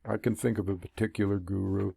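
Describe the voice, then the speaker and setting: A man's voice: sits low, level tone, brisk, creaky, dark tone, slightly rough, no echo, clean studio sound. A man talking to the camera as a spiritual teacher, in a loose, rambling monologue full of fillers and restarts. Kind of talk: casual monologue. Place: room.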